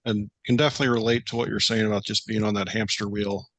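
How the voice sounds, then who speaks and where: A man's voice: fairly low pitch, flat delivery, fast talker, a bit bright, dry recording. A man hosting a podcast interview, talking hesitantly with many fillers. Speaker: podcast host.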